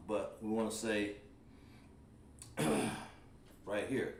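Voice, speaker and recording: Slow and lowish-voiced, pausing often, a man gives an online language lesson, writing on a board and explaining one step after another in a relaxed way. The room is echoey and the mic is far off.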